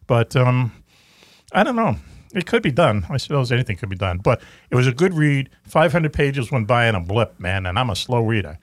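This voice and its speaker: A middle-aged radio host with a Boston accent who drifts from one tangent to the next and cracks jokes along the way. His voice is dry and close to the mic, with a plain, mid-range pitch. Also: sing-song, moderate pace, no echo. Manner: jokey and rambling. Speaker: radio talk show host. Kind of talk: casual chat.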